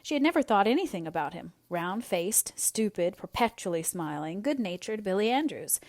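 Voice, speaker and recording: A woman narrating an audiobook in a measured, expressive reading voice. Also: medium pitch, no echo.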